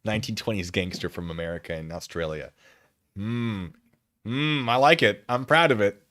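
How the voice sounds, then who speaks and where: A man's voice: on the low side, moderate pace, a bit bright, no room sound, clean studio sound. A man hosting a casual livestream, reacting with sarcastic commentary and frequent laughter. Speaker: streamer.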